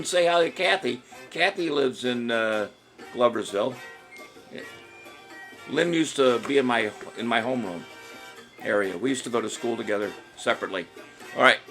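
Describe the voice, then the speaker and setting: A man's voice: mid-range voice, a bit bright. Jokey man hosting a trivia stream. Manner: jokey, rambling, chuckles often, reads commenters' answers aloud. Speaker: trivia show host. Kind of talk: casual live-stream trivia chat.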